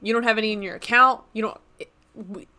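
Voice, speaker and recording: A woman's voice: mid-range voice, fairly even intonation, quick pace, pushed and bright. A young woman streaming from her apartment desk, chatting casually with a playful, self-mocking manner. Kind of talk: casual live-stream chat.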